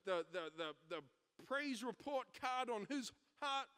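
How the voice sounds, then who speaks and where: A young man preaching a sermon, mixing scripture with a school story, energetic and emphatic with frequent restarts. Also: very high-pitched, a little slow, smooth. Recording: long hall reverb.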